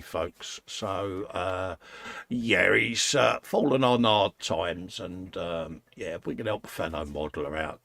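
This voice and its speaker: Gravelly, slow-talking British man. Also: fairly low pitch, a bit bright, dry recording. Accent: British English. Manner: chatty, matey, calls viewers mate and folks. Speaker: live stream host. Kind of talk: casual live-stream chat, reading out viewer comments. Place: home workshop.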